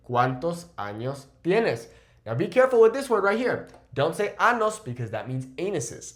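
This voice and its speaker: A young man gives a language lesson. His voice sits a little high and swings up and down as he explains each phrase and what it means. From California. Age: 20s. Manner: lively explaining, switches between English and Spanish. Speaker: Spanish teacher.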